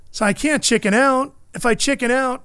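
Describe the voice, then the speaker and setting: A man's voice: extremely high pitch, moderate pace, smooth, dry recording, studio quality. A middle-aged man, a motorsports broadcaster, telling stories in a casual chat and acting out the people he quotes. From California. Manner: animated storyteller, acts out quotes.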